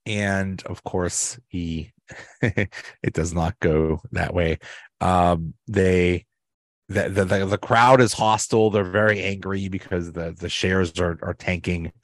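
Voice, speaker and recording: A man's voice: sits low, fairly even intonation, slow, no room sound. Chatty man rambling through episode recaps. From Pittsburgh area, US. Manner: rambling, with many restarts and chuckles, briefly mimicking characters. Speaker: podcast host. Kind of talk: casual recap and ranking of sitcom episodes.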